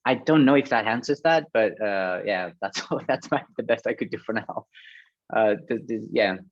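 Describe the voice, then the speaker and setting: A man's voice: on the low side, normal speed, no echo, lo-fi sound. A man, a guest sound designer, talking casually on a panel, hesitant with many fillers and restarts.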